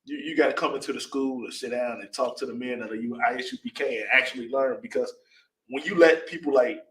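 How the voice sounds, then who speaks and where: A man's voice: mid-range voice, fast talker, a bit bright. A man in a Bible class discussion, rambling with restarts and often asking "you know what I'm saying". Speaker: class member reading scripture. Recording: distant, echoey room.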